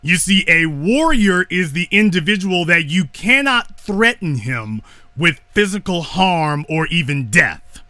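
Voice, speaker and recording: A man giving a slow, deliberate lecture, speaking emphatically and repeating his key lines. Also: high-pitched, big pitch swings, pushed and bright, no echo.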